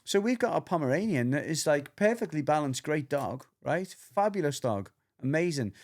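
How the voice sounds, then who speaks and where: Co-hosting a casual podcast chat, a man explains dog behaviour as an animated storyteller who acts out voices and swears freely. His voice is a little high and he speaks at a moderate pace.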